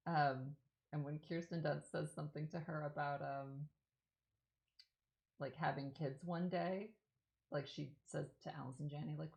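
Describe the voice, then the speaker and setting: A woman's voice: low-pitched, fairly even intonation, normal speed, gravelly, darkish tone, husky, low-quality recording. A woman hosting a casual live stream, chatting and answering viewer questions while she works, rambling and correcting herself as she goes. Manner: chatty, rambling, self-correcting, enthusiastic about films. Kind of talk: casual chat. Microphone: streaming setup while working on a craft.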